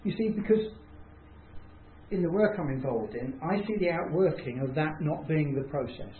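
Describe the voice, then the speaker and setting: Man, informal speaker, self-deprecating, acts out reactions; bright lively pitch, lo-fi phone-like sound with faint hiss. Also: moderate pace. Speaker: speaker giving a talk on mercy. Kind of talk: informal talk to a small group. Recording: tinny, roomy, faint hiss.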